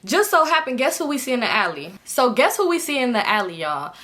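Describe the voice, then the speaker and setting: A woman with a bright, forward voice tells a wild story to her viewers. She talks loose and slangy, swears freely and speaks right to the audience. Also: high-pitched, big pitch swings, brisk. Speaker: storytime vlogger.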